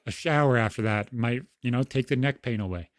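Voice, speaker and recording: Young man, podcast co-host, blunt and profane storyteller, dry close mic, mid pitch. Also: brisk, no echo. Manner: frank, heavy swearing, storytelling. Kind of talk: casual podcast conversation.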